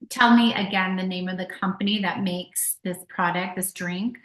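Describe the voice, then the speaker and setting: A woman hosting an interview in a casual chat, her voice bright and forceful. She reacts with enthusiastic interjections, and the recording carries a roomy echo. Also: lowish voice, steady tone, normal speed. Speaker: podcast host.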